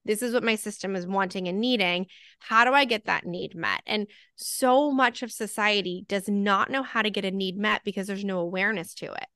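A woman's voice: mid-range voice, fairly quick, sharp tone, clean tone, no echo, clean studio sound. A woman in her thirties, a podcast co-host, talking earnestly in casual chat and acting out her own inner thoughts.

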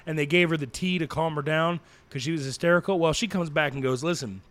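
A man co-hosting a podcast, recapping an anime episode in a rambling, jokey way with lots of fillers and quick put-on character quotes. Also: fairly high pitch, fairly bright tone. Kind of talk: casual chat.

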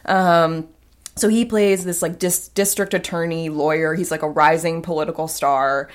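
Woman podcast co-host, very low voice, loose rambling recap full of likes and ums. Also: steady tone, normal speed. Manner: rambling, many fillers and restarts. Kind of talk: casual chat, recapping a film.

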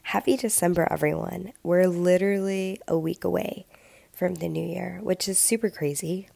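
A young woman hosts her own podcast while sick, her lowish voice gravelly with fry. She talks in an earnest, reflective way, full of ums. The sound is dry and close, with rough low-quality audio. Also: fairly even intonation, moderate pace, dark tone, dry recording. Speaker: podcast host. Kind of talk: solo podcast talk. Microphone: home podcast mic with difficulties.

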